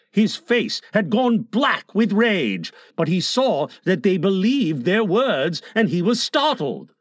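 A man narrating a storybook in an expressive, dramatic reading. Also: sits high, slow pace, hardly any pauses, dry recording, studio quality. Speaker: audiobook narrator.

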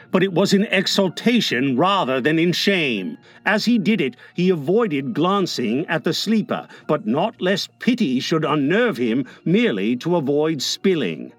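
Dramatic high-voiced male storyteller. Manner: dramatic, shifting from hushed to lively. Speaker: audiobook narrator. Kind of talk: expressive storybook reading.

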